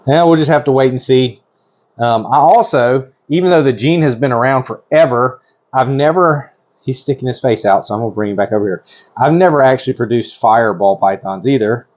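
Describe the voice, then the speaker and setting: Excited chatty guy narrating his reptile work, mid voice, kinda muffled camera audio. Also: medium pitch. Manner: excited, chatty, lots of fillers and restarts. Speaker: reptile breeder. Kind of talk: casual narration while working.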